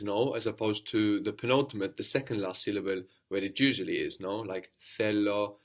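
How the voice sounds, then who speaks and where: Guy teaching a language course, lowish voice, patient, repeats the student's answers. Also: normal speed, hardly any pauses. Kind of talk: guided audio lesson.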